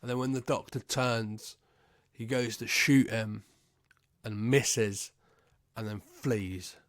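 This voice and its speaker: A man hosting a podcast, casually recapping a film's plot in a halting way, swearing and acting out the characters' lines. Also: mid-range voice, steady tone, no room sound, clean studio sound. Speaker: podcast host.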